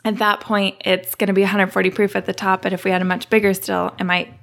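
A woman's voice: mid-range voice, level tone, fast talker, vocal fry, a bit bright. A woman explaining her distilling work as a guest on an interview show. Her talk is casual and full of detail, with a few "you know"s scattered through. Her voice sits in a mid range.

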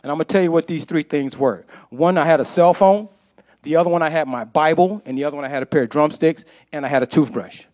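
An impassioned man shares his testimony before a congregation. His voice sits a little high, and he drives his points home by repeating phrases. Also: fast, a little mellow. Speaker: church speaker giving testimony. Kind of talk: sermon testimony.

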